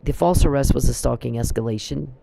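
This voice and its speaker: A man delivers a preachy, emphatic religious talk and quotes scripture as he goes. His voice is mellow and dark, with a gravelly creak, at a middle pitch. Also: fast, poor audio. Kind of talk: religious exhortation monologue.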